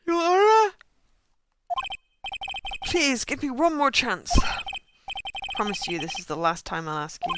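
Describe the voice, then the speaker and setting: A woman voicing an earnest, excitable young male defense lawyer from a video game, over game music. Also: sits high, measured pace, long pauses, very noisy, exaggerated voice. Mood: urgent.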